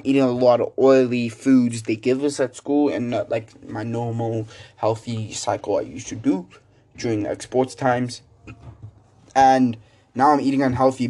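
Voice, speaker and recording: A man's voice: mid-range voice, mellow. A teenage boy hosting a solo podcast, rambling through a story in casual chat with lots of fillers. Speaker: student podcaster.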